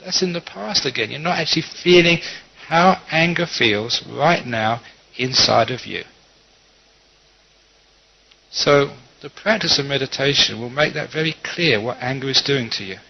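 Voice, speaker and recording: A middle-aged man gives a Buddhist dharma talk as a monk, teaching in a gentle, conversational way and slipping into quoted asides. His voice sits at an ordinary pitch. The recording is dull and lo-fi.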